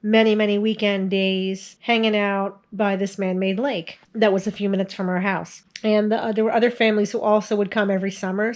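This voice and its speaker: A woman's voice: mid-range voice, a little mellow. A woman in her forties casually telling family stories to the camera in a chatty way, laughing often as she goes. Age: 40s. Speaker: video host sharing family stories.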